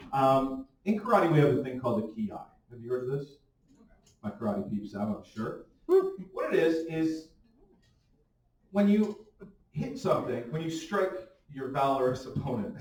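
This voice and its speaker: A man in his late thirties hosting a stand-up comedy show, self-mocking and chuckling through his jokes. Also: medium pitch. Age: late 30s. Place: comedy club stage. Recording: echoey room, from far off.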